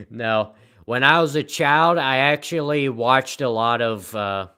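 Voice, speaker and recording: A man with a Southern American accent, chatting casually on a livestream and answering comments in a rambling, deadpan, self-mocking way. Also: medium pitch, slow pace, clear, resonant tone. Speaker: live streamer.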